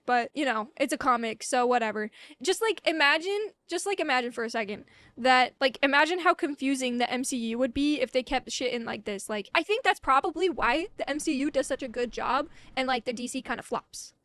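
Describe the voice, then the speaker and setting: A woman with a high, bright-pitched voice tells comic-book history in a loose, rambling way, tossing in swears and asides. The sound is dry and close, with no room echo. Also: brisk. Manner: rambling, irreverent, swears freely. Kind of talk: casual comic-book rant.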